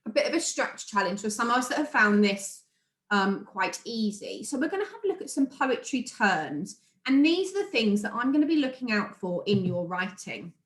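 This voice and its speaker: A woman's voice: fairly high pitch, very animated, moderate pace. A woman with a British accent, a primary school teacher recording a remote lesson, speaking encouragingly and sounding out words for young children. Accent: British English. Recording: echoey room.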